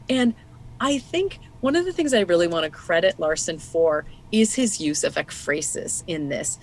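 A woman's voice: lowish voice, expressive, normal speed, slight background noise. A woman co-hosting a podcast, talking through a nonfiction book in a thoughtful, explanatory way and laughing easily. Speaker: podcast co-host. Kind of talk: casual book discussion.

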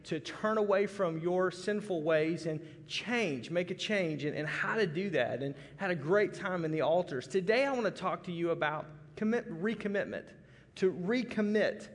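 A man's voice: sits high, moderate pace. A man from Arkansas preaching a folksy, conversational sermon with many restarts. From Arkansas, USA. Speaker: pastor. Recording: long hall reverb.

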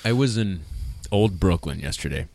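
Lively laughing man telling stories. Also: low-pitched, moderate pace, creaky. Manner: animated, laughing storyteller. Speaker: podcast co-host. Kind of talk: casual chat, storytelling.

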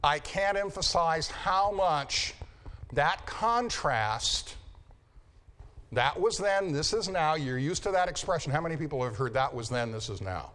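Guy teaching a bible class, slow and emphatic, voice swings up and down a lot, keeps asking okay?. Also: on the high side, lively intonation, fairly bright tone. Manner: emphatic, repeats key phrases, checks in with "okay?". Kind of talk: classroom lecture with questions to students.

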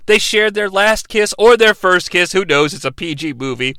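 Bright-voiced, irreverent male podcaster. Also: high-pitched, normal speed, few pauses, clean tone, no room sound. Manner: irreverent, animated, sarcastic. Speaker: podcast host. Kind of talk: comic movie recap.

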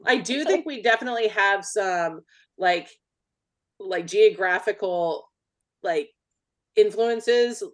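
A woman's voice: medium pitch, lively intonation, takes it slowly, long pauses. A Californian woman co-hosting a podcast, chatting casually with strong opinions, swearing freely and saying "like" a lot. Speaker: podcast co-host. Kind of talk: casual chat.

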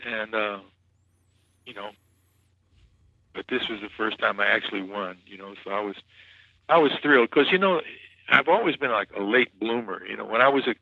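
A man's voice: lowish voice, normal speed, vocal fry, pauses often, dry recording, highs cut off. A man guest, a musician, telling stories in a casual interview, rambling with many restarts and "you know"s. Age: 40s or older.

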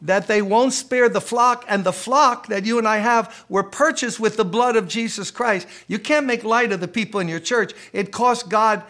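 A pastor preaching a podcast sermon to church leaders, emphatic and conversational, repeating key phrases and asking rhetorical questions. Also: male voice, sits high, normal speed, few pauses, a bit bright.

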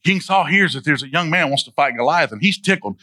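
A man's voice: on the high side, lively intonation, a little fast, sharp tone, dry recording. A male pastor who retells a Bible story in a loose, humorous, conversational sermon and asks his listeners questions.

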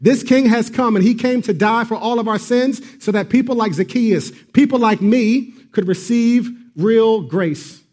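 A man's voice: very high voice, measured pace, hardly any pauses, a little mellow. A man preaching a sermon, earnest and emphatic, repeating key phrases with occasional fillers. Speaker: pastor.

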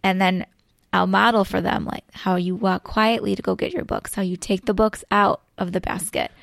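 A woman's voice: mid-range voice, steady tone, moderate pace, creaky, no room sound, studio quality. Chatty woman teacher explaining. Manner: explains step by step, many fillers like "so, like". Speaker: elementary school teacher. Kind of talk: casual podcast chat.

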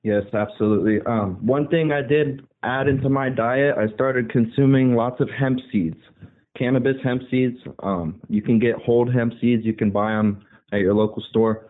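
A man's voice: medium pitch, fairly even intonation, moderate pace. Earnest man on a phone line. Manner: earnest, preachy, wandering. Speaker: caller. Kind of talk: casual call-in chat.

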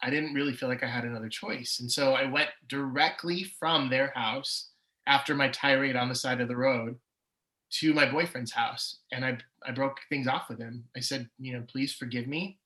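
A man in his forties speaks as a podcast guest, sharing his personal testimony with candor. His voice is bright and forward, with a middle pitch. His energy swings from quiet reflection to loud, excited retelling. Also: moderate pace, poor audio. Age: 40s. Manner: candid, emotional storytelling with swings in energy.

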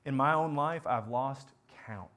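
A man preaching a sermon, building to impassioned repeated questions and sinking to quiet, earnest prayer. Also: mid-range voice, measured pace. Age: adult parent.

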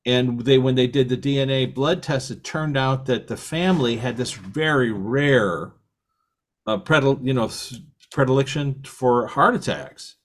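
A man's voice: medium pitch, a little slow. Older man telling a rambling story. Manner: rambling storyteller, laughs often. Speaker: podcast host. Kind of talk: casual conversation.

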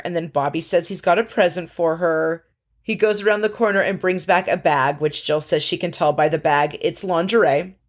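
A woman casually recapping a show, chatty and sarcastic, mimicking the people she quotes. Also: fairly low pitch. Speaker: podcast host recapping a reality show.

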